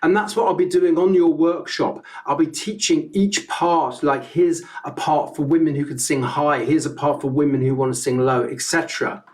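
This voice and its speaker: A man's voice: a little high, steady tone, moderate pace, few pauses, a little mellow. A man teaching a harmony song in a live online singing lesson, explaining it step by step in a friendly way.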